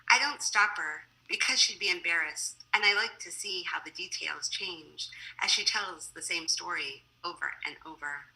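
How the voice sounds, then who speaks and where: A woman poet reading her poems in a measured, deliberate way, with chatty, laughing asides between them, over a video call. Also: fairly low pitch, pushed and bright, poor audio. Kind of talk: poetry reading with casual asides.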